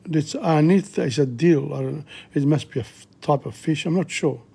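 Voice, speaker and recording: A man teaching a casual vocabulary lesson, slowly repeating words aloud with hesitant fillers. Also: a little high, gravelly, dark tone, breathy edge. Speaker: language teacher.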